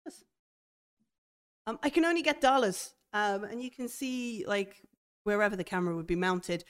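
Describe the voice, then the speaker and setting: Hesitant woman game master, smooth voice. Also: mid-range voice, moderate pace. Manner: hesitant, many fillers and restarts. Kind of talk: narrating a tabletop horror game.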